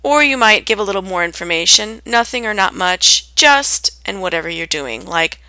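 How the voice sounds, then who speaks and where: A woman teaching common English greetings in a clear, deliberate lesson, acting out the example phrases in a lively way. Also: medium pitch, no echo. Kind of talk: scripted lesson on spoken greetings.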